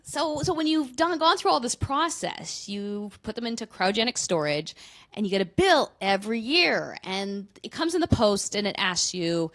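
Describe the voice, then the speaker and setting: A woman in her thirties performing a stand-up comedy set, telling candid, self-mocking stories with quick punchlines. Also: on the high side, lively intonation, a bit bright. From Canada.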